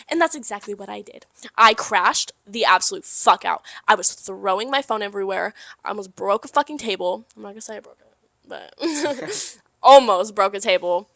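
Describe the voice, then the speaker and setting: A young woman co-hosting a casual podcast, telling a story in an animated way with lots of swearing and laughter. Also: mid-range voice, moderate pace, creaky, dry recording. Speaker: podcast co-host. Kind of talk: casual chat.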